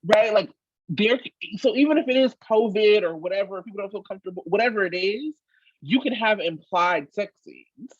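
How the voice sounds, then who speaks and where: A woman co-hosting a casual podcast chat, emphatic and animated, swearing freely. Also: mid-range voice, moderate pace, breathy edge, no room sound, highs cut off. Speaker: podcast co-host.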